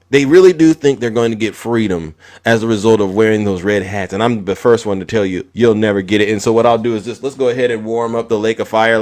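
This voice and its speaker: A man's voice: on the low side, a little mellow. A man giving heated political commentary as a live host, repeating words as he builds his point and mocking his opponents.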